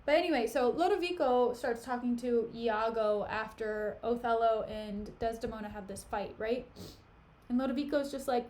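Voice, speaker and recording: A woman's voice: on the high side, normal speed, darkish tone. A woman streamer casually retelling a classic play in a slangy, chatty way, with fillers and asides.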